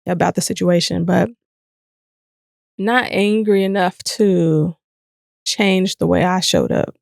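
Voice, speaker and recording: A woman's voice: lowish voice, takes it slowly, vocal fry, no room sound, clean studio sound. A woman co-hosting a podcast, talking candidly and reflectively in casual chat. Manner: candid, reflective, animated when retelling. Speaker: podcast co-host.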